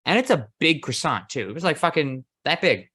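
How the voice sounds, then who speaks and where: A man hosting a casual podcast, talking in a relaxed, easygoing way and swearing casually. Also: on the high side, a little fast, slightly rough. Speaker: podcast host. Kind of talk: casual chat.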